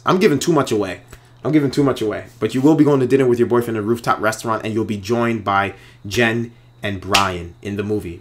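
A filmmaker chatting casually on a livestream, rambling and joking and reading viewer comments aloud, with many pauses and fillers. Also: male voice, mid-range voice. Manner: rambling, joking, teasing, lots of ums.

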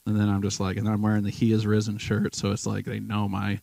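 A man's voice: on the low side, monotone, quick pace, gravelly, mellow, no echo, poor audio. A man sharing casual testimony stories in a church, acting out the people he quotes. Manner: storytelling, acts out quoted people. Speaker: guest speaker at church. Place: church sanctuary.

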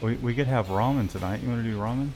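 A man in a relaxed livestream chat, joking and calling out viewers' names. His voice sits at a middle pitch, with faint music playing behind him. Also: fast talker. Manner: joking, greets viewers by name. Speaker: livestream co-host.

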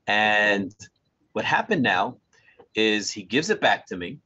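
A man in his sixties, a Torah scribe, telling a story to a small group in an animated way, acting out dialogue and often chuckling as he talks. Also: fairly low pitch, slow pace, husky. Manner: chuckles often while talking. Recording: dull lo-fi recording.

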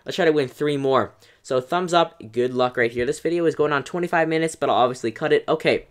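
A young man giving excitable, chatty live commentary over his own gameplay, often addressing viewers directly and filling pauses with "um". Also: a little high. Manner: excitable, talks to viewers as "guys", many "um"s. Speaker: gaming YouTuber.

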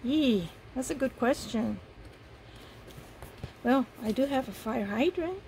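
A woman casually commenting as she unboxes craft gifts, softly gushing over each piece. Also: high voice, animated, slow pace, slight background noise, poor audio. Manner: gushing, soft-spoken, admiring each item. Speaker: paper craft vlogger.

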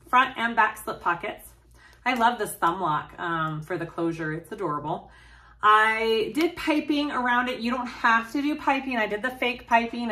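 A woman hosts a casual sewing vlog from home. Her voice is bright and cheerful, she gushes and laughs often between her fillers, and she sits a little back from the mic. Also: mid-range voice, distant mic. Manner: bubbly, gushing, with frequent laughs and fillers. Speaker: host.

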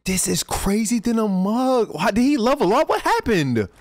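A young man streaming his live reaction to an anime, talking in slang and jumping from low mutters to sudden excited yelps. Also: moderate pace, no echo, studio quality.

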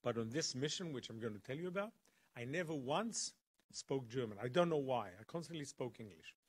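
A man giving a lively storytelling talk as a guest speaker at a college, building suspense with dramatic pauses. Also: mid-range voice, breathy edge. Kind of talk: animated storytelling lecture. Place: college event.

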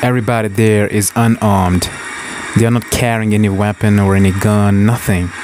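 A man's voice: lowish voice, little pitch movement, moderate pace, background noise. A man hosting a reaction video, talking casually and earnestly, with lots of wows and exclamations. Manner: exclaiming, earnest, repeats wow and yo. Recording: music playing loudly behind. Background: concert music from video being watched.

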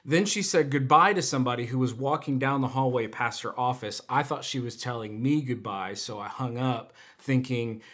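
In an online church service, a young man who volunteers as a speaker recounts his testimony at a moderate pace with few pauses. His voice is medium-pitched and a bit bright, and he laughs as he jokes about himself.

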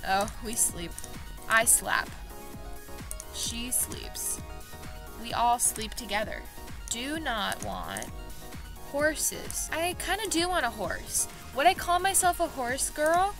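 A woman vlogging in a casual commentary style, excitable and self-mocking, reacting quickly as she plays. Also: fairly high pitch. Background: background music.

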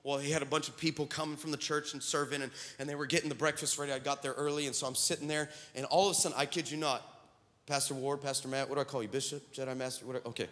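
Man, pastor, sermon, animated storytelling, forceful bright tone, long church reverb. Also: medium pitch, racing. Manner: animated storytelling, joking with the congregation. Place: church sanctuary.

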